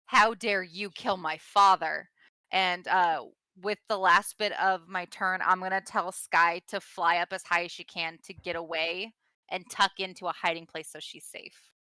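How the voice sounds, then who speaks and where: Woman gamer, bright crisp voice, dry close sound, excitable. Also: on the low side, moderate pace, dry recording. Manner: excitable, explains rules aloud. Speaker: player. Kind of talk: tabletop game play.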